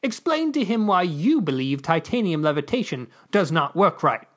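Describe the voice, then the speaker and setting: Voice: mid-range voice, very animated, normal speed, a bit bright. A reader voicing a smug, scatterbrained male ambassador who fumbles with numbers in a story read aloud. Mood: pleasant request.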